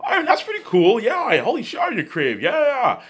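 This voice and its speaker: A man voicing an excited male film director who gushes with eager praise. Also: medium pitch, racing, breathy edge, voice pushed up.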